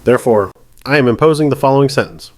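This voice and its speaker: A man voicing a stern judge who speaks in a calm, measured, precise way. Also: mid-range voice, dry recording, pitched above the performer's own voice, natural voice. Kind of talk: scripted narration.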